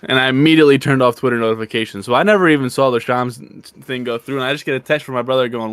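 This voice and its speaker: A man's voice: medium pitch, racing, few pauses, fairly bright tone, clear, resonant tone, dry recording. Male sports podcast co-host, laid-back and chatty, dry close mic. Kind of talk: casual sports podcast chat.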